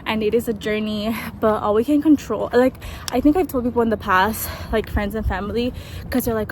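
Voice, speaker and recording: A woman's voice: fairly high pitch, brisk, a little hiss or hum, low-quality recording. A young woman vlogging on a walk in a park after a run, out of breath, chatting to her viewers in a rambling way. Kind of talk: casual vlog chat to camera.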